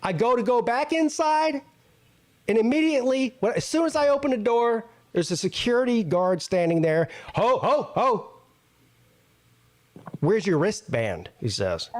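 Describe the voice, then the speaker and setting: A man hosting a talk show, telling a casual story in an animated, profane way and acting out both sides of an argument. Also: extremely high pitch, moderate pace. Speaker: host.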